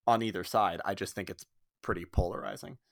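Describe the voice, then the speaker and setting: Halting man in casual podcast chat. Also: deep voice, steady tone, creaky, a bit bright. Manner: halting, many restarts and stammers. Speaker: podcast co-host.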